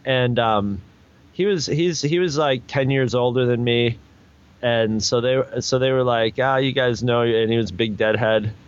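A man's voice: mid-range voice, measured pace, clean tone, lo-fi sound. A man telling a long casual anecdote, rambling and restarting often, and acting out other people's lines. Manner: rambling, with many restarts and fillers; acts out other people's lines in raised voices. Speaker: storyteller guest.

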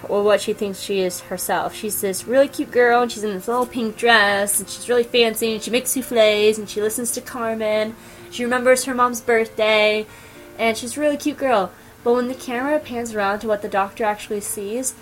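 A woman's voice: medium pitch, poor audio. A young woman hosting a podcast, gushing about a TV episode in casual chat and acting out the characters' lines. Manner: gushing, excitable, acts out quoted lines. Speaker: podcast host.

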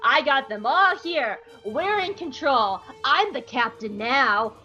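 A woman's voice: high voice, expressive, slow, bright, forceful tone, muffled recording, faint music behind, voice pushed up, exaggerated voice. A woman voicing a brash young male rebel leader taunting his enemy with crude boasts. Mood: gloating.

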